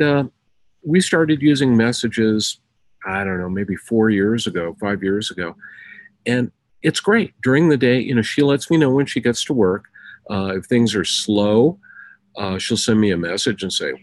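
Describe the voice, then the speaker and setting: Middle-aged American male co-host, low voice, dry close mic, rambling anecdotal delivery. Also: no echo, rough recording. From United States. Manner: rambling, filler-heavy storytelling. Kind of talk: casual chat.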